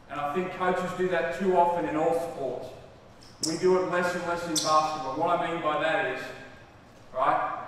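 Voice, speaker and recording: A man's voice: fairly high pitch, fairly bright tone. Aussie guy coaching on court, calling out cues, sounds far off in a big echoey gym with faint noise. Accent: Australian. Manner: directive, calls short cues and praise to players. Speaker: basketball coach running a clinic. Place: large indoor gym.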